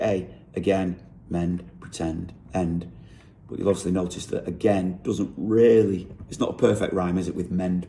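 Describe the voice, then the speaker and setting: A man with a low, gravelly voice talks through the lyrics he wrote. His tone is dark and mellow, and he thinks aloud, often pausing to correct himself as he breaks down rhyme and rhythm. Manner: thinking aloud, unhurried, with frequent self-corrections. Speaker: songwriter. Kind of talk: explaining how he wrote a song lyric.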